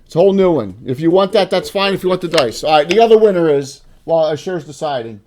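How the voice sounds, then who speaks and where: Hosting a livestream and handing out prizes, a man from South Jersey, USA, acts as game master in a joking, loose style with frequent restarts. His fairly high voice is expressive, quick, and darkish, over slight background noise.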